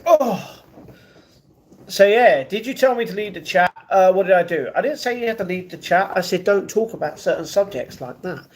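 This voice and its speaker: Man chatting on a livestream, slightly high voice. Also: animated, normal speed. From United Kingdom. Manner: reads viewer comments aloud and answers them, often apologetic. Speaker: livestream host. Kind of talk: casual livestream chat. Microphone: wireless earbuds.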